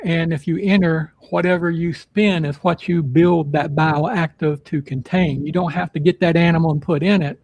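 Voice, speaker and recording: Gravelly, high-pitched male podcast host. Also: fairly even intonation, moderate pace, hardly any pauses, darkish tone, no echo, dull audio. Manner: rambling, filler-heavy announcements. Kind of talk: casual live podcast chat.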